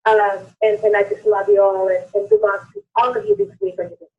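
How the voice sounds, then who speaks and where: Woman caller, earnest and encouraging, lively pitch, heard over a phone line. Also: fast talker, gravelly. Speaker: guest distributor. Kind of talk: motivational call remarks.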